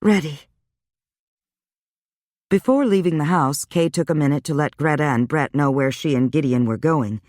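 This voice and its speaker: A man narrating a dark romance audiobook in an even, measured storytelling voice. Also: fairly high pitch, no echo, clean studio sound. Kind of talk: scripted narration.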